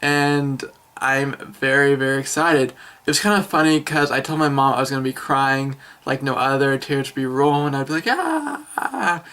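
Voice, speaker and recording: An eighteen-year-old man reviews a film for his vlog at a middling pitch. He gushes and rambles, trailing off into fillers and restarting his sentences. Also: normal speed, clean tone. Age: young adult. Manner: excitable, rambling, many fillers.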